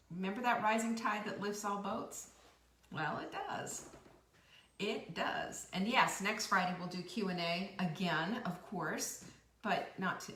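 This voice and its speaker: A chatty middle-aged woman hosts a casual live stream, her bright voice swinging up and down as she talks. She sits a little back from the mic in an echoey room. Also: medium pitch, recorded from a distance, slight background noise. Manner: chatty and bubbly, reacting to viewer comments. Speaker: host.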